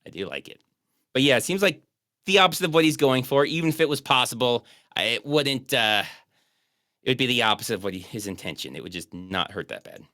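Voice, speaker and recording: A man riffs his way through an action film alongside a friend, rambling and laughing at his own jokes. His voice is bright and animated, with wide swings in pitch. The recording is dry and close. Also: quick pace, no echo. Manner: joking, rambling, laughs often. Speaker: podcast co-host. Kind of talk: casual movie commentary chat.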